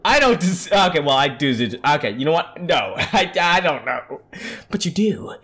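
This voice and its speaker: A woman's voice: low voice, very animated, normal speed, fairly bright tone. A woman gaming YouTuber commenting on a game as she plays, with laughter and exaggerated reactions. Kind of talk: let's play commentary.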